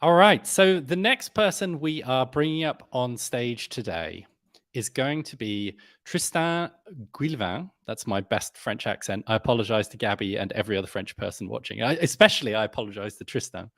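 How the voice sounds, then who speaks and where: A man's voice: mid-range voice, expressive, a little fast, few pauses, fairly bright tone, no room sound, studio quality. A man hosting a live online event, upbeat and friendly, joking about himself. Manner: friendly, upbeat, self-deprecating jokes. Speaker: host. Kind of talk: casual live-stream hosting.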